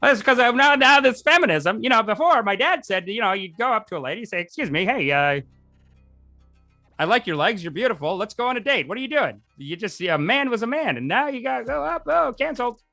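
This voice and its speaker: A man's voice: very high voice, big pitch swings, a little fast, gravelly, sharp tone, no room sound, faint music behind, pitched above the performer's own voice, full character voice. A man voicing a bitter, lonely male talk-radio caller who complains in an aggrieved, whiny way.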